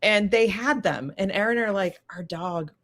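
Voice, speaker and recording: A woman guest telling a story in casual chat, animated and acting out the voices of people in it. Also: mid-range voice, normal speed. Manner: animated, acts out quoted voices. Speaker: podcast guest.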